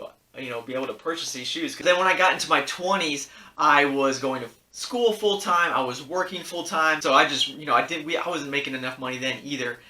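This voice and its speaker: A man in his thirties tells a personal story to his vlog audience in a loose, rambling way, full of fillers and restarts. He sounds earnest and encouraging, with a bright, forward voice at a middling pitch. The recording has a noticeable echo from the room. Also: distant mic. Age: 30s. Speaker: sneaker YouTuber.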